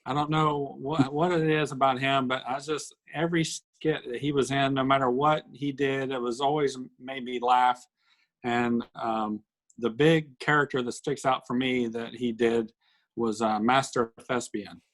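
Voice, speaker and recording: A man co-hosting a casual podcast, telling comedy sketches with lively bursts of acted voices. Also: medium pitch, unhurried, poor audio. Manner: animated storyteller acting out sketch lines. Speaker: podcast co-host. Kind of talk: casual chat.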